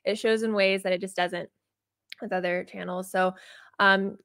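A woman's voice: medium pitch, fairly even intonation, moderate pace, fairly bright tone, no echo. A woman co-hosting a livestream, bubbly and casual, with frequent ums as she reads out comments. Her voice is close and dry, with no room sound. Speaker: livestream co-host.

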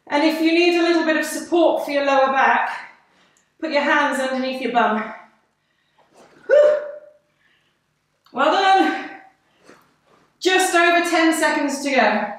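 A woman's voice: sits high, fairly bright tone. A woman leading a live workout, cheerful and encouraging, out of breath between exercises. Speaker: fitness instructor. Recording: echoey room, voice from a distance.

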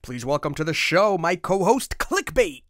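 Animated man hosting a toy countdown. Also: a little high, moderate pace, music in the background. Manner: exasperated, jokey, voice cracking upward when flustered. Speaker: host. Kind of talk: comedic toy history narration.

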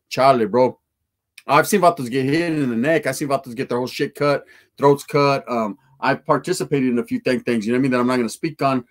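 With a medium-pitched voice and a fairly quick pace, a livestream host chats loosely in street slang peppered with Spanish words as he reacts to a film and reads chat.

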